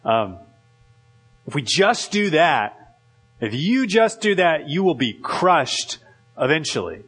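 A man preaching a sermon as pastor, in a loose conversational way full of "like" and quick restarts. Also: on the high side, big pitch swings, fairly bright tone, breathy edge, faint music behind.

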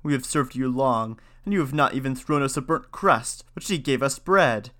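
A man's voice: medium pitch, expressive, normal speed, fairly bright tone, natural voice. A man doing grumbling guard dogs. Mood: resentful. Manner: complaining.

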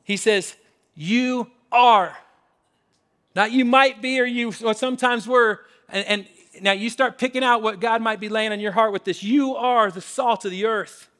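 High-voiced man preaching a sermon. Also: fairly even intonation, moderate pace, few pauses, bright, forceful tone. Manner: emphatic, conversational preaching with repeated phrases. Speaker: pastor.

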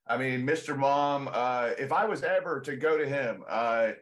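A male comedian from Texas, a guest in casual chat, telling stories briskly and swearing freely. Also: medium pitch.

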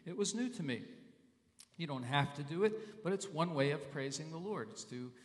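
A man's voice: a little high, expressive, normal speed. A male pastor giving a sermon in a conversational way, repeating phrases and sounding out Hebrew and Greek words. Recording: long reverb in a large hall.

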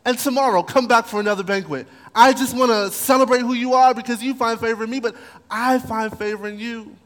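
Man doing a soft, sweet, flattering young queen, high voice, long hall echo. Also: a little fast.

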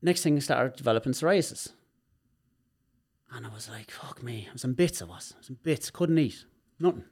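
An Irish man, a guest on a podcast, telling personal stories in an animated way and swearing freely. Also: mid-range voice, fairly quick, breathy edge. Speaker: guest, movement specialist. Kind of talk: podcast conversation.

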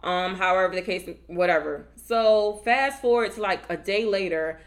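A woman co-hosting a casual podcast and telling a story. She plays out each line of dialogue and swings up sharply in pitch for the quotes. Her voice sits at a middle pitch and has a relaxed, chatty flow. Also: normal speed. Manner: animated, acts out quotes with big pitch jumps. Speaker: podcast co-host.

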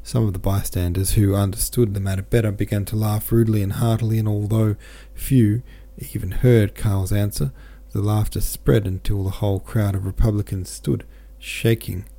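A man's voice: on the low side, steady tone, moderate pace, vocal fry, few pauses, warm tone. A man who hosts a podcast, reading a novel aloud in a plain way with small stumbles, then signing off casually. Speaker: podcast host and audiobook reader.

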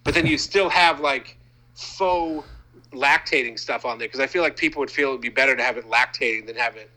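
A man's voice: mid-range voice, a little fast, pushed and bright, low-quality recording. A man from Maine, co-hosting a casual comedy chat, rambling and riffing on absurd bits with plenty of swearing.

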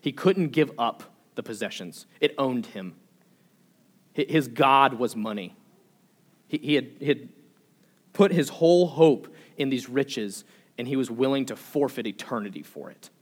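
A man's voice: mid-range voice, measured pace. A young adult man preaching a sermon as pastor, earnest, asking repeated rhetorical questions and often restarting his words.

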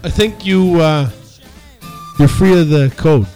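A man's voice: fairly high pitch, takes it slowly, darkish tone, faint music behind. A drunk man in casual banter with friends, rowdy and blustering, swearing often.

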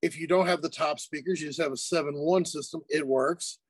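Give me a man talking casually as an interview guest, easygoing, with a fairly high voice and a dry sound. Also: brisk, slightly rough, dry recording. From United States. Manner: relaxed, chatty, laughs easily, many fillers and restarts. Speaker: guest music producer and mix engineer. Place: studio.

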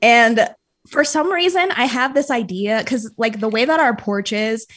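A woman in casual podcast chat, animated and giggly, with many fillers. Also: on the high side, measured pace.

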